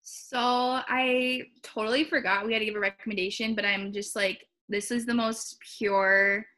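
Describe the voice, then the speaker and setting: A young woman co-hosting a podcast in casual chat, relaxed and rambling with many "like"s and "um"s. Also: fairly high pitch, normal speed.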